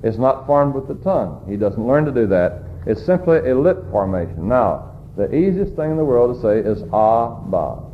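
Male preacher, mid-pitched voice, unhurried sermon delivery full of "uh" fillers, dull lo-fi recording with a faint hiss. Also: very animated. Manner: slow, deliberate teaching with frequent "uh" fillers; asks the congregation rhetorical questions.

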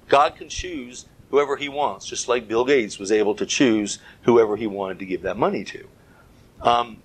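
A man's voice: medium pitch, breathy edge, rough recording. A man giving a Bible teaching talk as a preacher, earnest, speaking in short phrases and stressing key words.

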